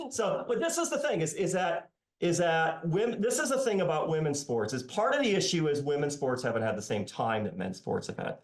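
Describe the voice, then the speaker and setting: A man in his fifties with a slightly high voice that swings widely in pitch as he talks. He is a sarcastic professor giving an interview over a call, and the recording has a noticeable room echo. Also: brisk. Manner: animated and sarcastic, voicing his critics mockingly. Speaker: economics professor and author, guest. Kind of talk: conversational podcast interview.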